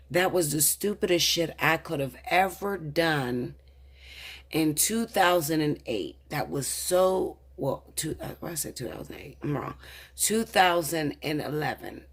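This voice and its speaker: Her voice low and slightly rough, a woman in her 30s who reads tarot shares a personal story on camera. It's casual storytelling, but heated, profane and confessional.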